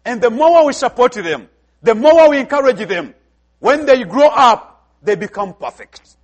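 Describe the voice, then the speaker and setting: High-voiced African man preaching. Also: big pitch swings, unhurried. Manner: emphatic, asks the congregation questions. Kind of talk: sermon.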